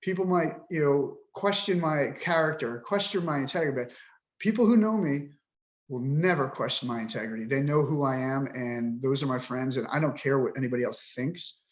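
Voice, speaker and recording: A man's voice: medium pitch, brisk, highs cut off. A man in his fifties, a podcast guest, talking with frustration and swearing bluntly as he vents. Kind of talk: emotional interview talk.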